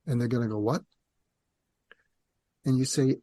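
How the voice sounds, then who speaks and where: An older man speaks as a psychiatrist guest, explaining patiently and steadily. His voice is mellow and relaxed. The recording is dry and close. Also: mid-range voice, no echo. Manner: calm, measured, acts out parent and teen dialogue. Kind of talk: conversational interview explanation.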